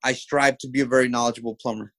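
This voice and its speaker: A man's voice: mid-range voice, steady tone, very fast, a bit bright, dry recording. Man, plumber, podcast guest, friendly, stumbling casual talk. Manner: friendly, stumbles and uses fillers. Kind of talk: casual interview chat.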